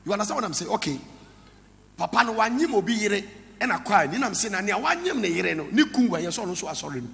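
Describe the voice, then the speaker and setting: A high, gravelly man's voice preaches a sermon in a church hall. He breaks into song and local words as he drives his point home. The sound rings with long reverb, and a faint room hum sits behind it. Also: big pitch swings, quick pace, fairly bright tone. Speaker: pastor. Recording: echoey hall with faint ambience.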